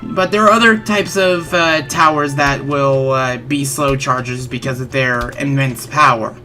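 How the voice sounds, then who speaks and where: A woman with a low voice and a bright, forceful edge talks through a game as she plays. She sounds stuffy and a little congested, rambling and correcting herself as she goes. Faint game music runs underneath. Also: a little slow. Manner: rambling, often self-correcting. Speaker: gaming channel host. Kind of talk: let's-play game commentary.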